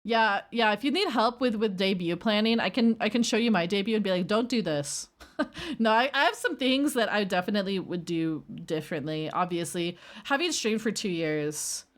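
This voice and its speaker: A woman's voice: mid-range voice, animated, moderate pace. A woman streamer chatting casually and rambling while reacting to her chat. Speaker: livestreamer.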